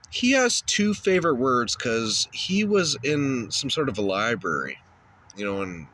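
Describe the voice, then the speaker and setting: A man's voice: medium pitch, a bit bright. A man hosting a shock-humour comedy show, ranting crudely and insulting people.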